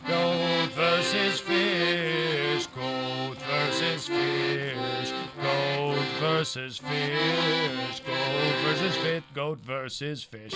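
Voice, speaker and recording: A comedian putting on a French accent as a theatrical, grandiose Frenchman, speaking in formal, florid phrases. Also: a little high. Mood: chanting. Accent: French (put on). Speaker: comedian guest. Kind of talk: improvised comedy podcast. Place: comedy club podcast room.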